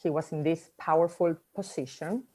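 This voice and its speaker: A woman who speaks English as a second language, giving a motivational talk in a reflective, storytelling manner with pauses. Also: low-pitched, a little mellow, slightly rough. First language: not English.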